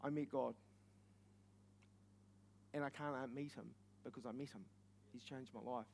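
A young man with a New Zealand accent, preaching with stories, animated and joking, sometimes shouting. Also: mid-range voice, moderate pace, vocal fry, a little hiss or hum. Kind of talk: sermon with stories.

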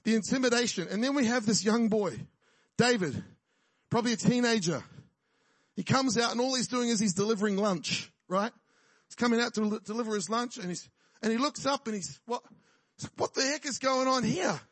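A man's voice: high voice, fairly quick, a bit bright, dry recording. A man preaching a sermon in a casual, jokey way, often checking in with his listeners. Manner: jokey, conversational preaching with frequent "right?" and laughs.

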